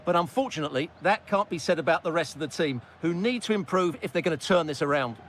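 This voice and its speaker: Male co-commentator for a football game: brisk, slightly raised voice, calm agreeing analysis. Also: fairly high pitch, a little hiss or hum. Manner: measured, agreeable replies that start with "yeah".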